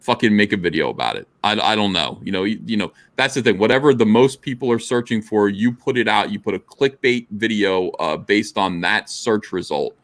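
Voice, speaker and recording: A man's voice: on the low side, a little fast, hardly any pauses, a bit bright, no room sound, clean studio sound. A man hosting a livestream, giving blunt, profane advice in casual talk. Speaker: livestream show host.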